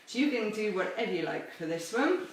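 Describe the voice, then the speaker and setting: A woman's voice: medium pitch, lively intonation, fairly quick. A woman leading a children's chapel assembly from home, explaining games step by step in a cheerful, playful way. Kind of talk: home video children's lesson. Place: home with garden course, indoors and out. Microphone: camera held by a helper some distance off. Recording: echoey, distant camera mic, faint noise.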